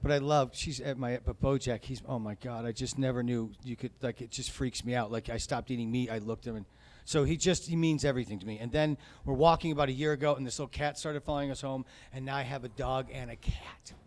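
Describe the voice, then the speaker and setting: A man's voice: medium pitch, steady tone, fast talker. Profane, chatty stand-up comedian man. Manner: profane, conversational, rambling. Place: comedy club stage.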